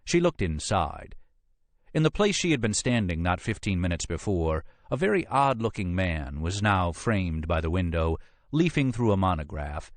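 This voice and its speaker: Man, audiobook narrator, very deep voice, lively intonation, dry close recording. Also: no echo. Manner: expressive, measured storytelling. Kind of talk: scripted narration.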